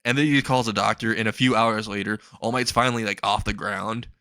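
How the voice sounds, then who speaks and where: A man's voice: on the low side, fairly even intonation, fairly quick, pushed and bright, no room sound. Man rambling through a comic fan story. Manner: rambling, laughs at his own jokes. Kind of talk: improvised comedic fan story narration.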